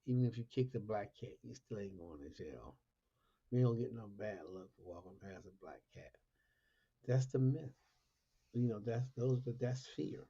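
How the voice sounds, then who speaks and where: A man's voice: lowish voice, lively intonation, normal speed, gravelly, mellow, slightly rough. A man hosting a casual Christian talk monologue, asking repetitive rhetorical questions and laughing often. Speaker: Christian talk show host. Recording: lo-fi dull recording.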